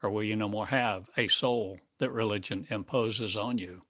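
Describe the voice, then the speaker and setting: A man giving a channeled spiritual monologue as a teacher, speaking in drawn-out phrases and asking one rhetorical question after another. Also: on the low side, fairly even intonation, a bit bright, no room sound.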